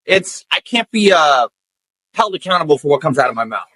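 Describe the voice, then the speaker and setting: A man tells a story with theatrical flair, jumping into other people's voices as he goes. His voice sits high and swoops widely, with a bright, sharp edge. The sound is dry and close. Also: very animated, brisk, dry recording, low-quality recording. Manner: theatrical, acts out voices with big pitch jumps. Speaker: comedian and impersonator guest. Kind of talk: animated storytelling in an interview.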